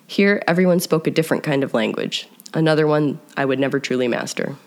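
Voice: medium pitch, expressive, fast talker, creaky. Wry personal-essay narrator. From New Jersey. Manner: wry, self-deprecating storytelling.

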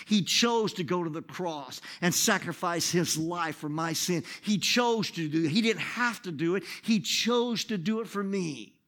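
A pastor telling a personal story in a sermon, swinging from loud outbursts to hushed, soft moments. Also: male voice, medium pitch. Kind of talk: sermon testimony.

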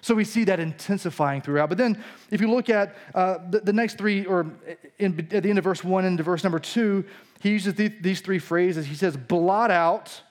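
A man's voice: high voice, moderate pace. A man preaching a casual teaching sermon. He explains scripture in an easy, conversational way and drifts into personal stories. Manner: casual teaching tone with frequent restarts and storytelling asides. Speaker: pastor.

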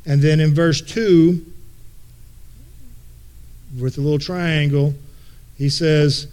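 A man's voice: on the high side, unhurried, pauses often, darkish tone. A male pastor preaching a conversational sermon in a folksy way, often repeating words as he thinks aloud.

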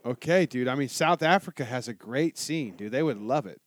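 A man telling a motorcycle story in casual chat, animated and swearing a lot. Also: mid-range voice, a little fast. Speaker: guest telling a travel story.

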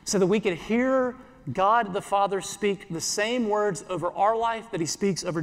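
A pastor giving an earnest sermon in church, repeating phrases and slowing down for scripture. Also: male voice, sits high, in a large hall.

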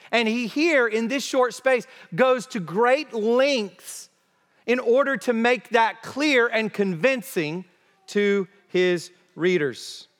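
A man preaching an expository sermon, emphatic and deliberate, repeating key phrases to drive them home. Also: high-pitched, fairly bright tone. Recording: long reverb of a large hall.

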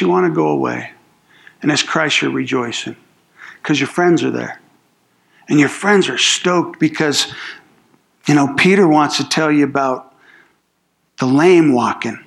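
A man's voice: a little high, measured pace, gravelly, pauses often, a bit bright. A man preaching a sermon as a pastor, telling the story casually with slang and acting out what people say. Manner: acts out quoted speech in the story.

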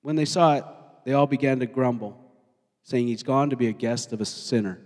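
A male pastor preaching a sermon, talking in an animated way and putting questions to his congregation. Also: mid-range voice, a little fast. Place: church sanctuary. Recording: long hall reverb.

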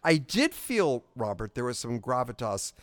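A man co-hosting a podcast in casual movie chat, animated and quick with interjections and repeated words. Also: mid-range voice, no echo. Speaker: podcast co-host.

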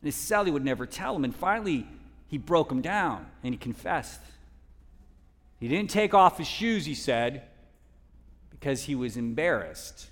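A man preaching a sermon as a guest speaker, telling a story in a dynamic way that drops to hushed tones and rises for emphasis. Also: a little high, big pitch swings, moderate pace, in a large hall. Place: church hall.

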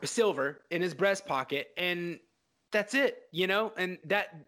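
Animated, higher-voiced man talking film. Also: measured pace. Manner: animated, profane, acts out scenes. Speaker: podcast co-host. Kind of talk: casual film discussion.

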